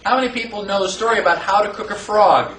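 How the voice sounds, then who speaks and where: Animated high-voiced man lecturing a class. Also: fast talker, slight background noise. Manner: animated, rhetorical questions, acts out quoted voices. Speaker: teacher. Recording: echoey room, voice from far off.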